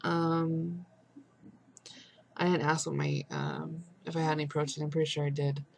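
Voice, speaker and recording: A young woman vlogging a casual video update, exhausted and frustrated, rambling with many pauses and fillers. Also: deep voice, animated, gravelly, darkish tone, slight background noise.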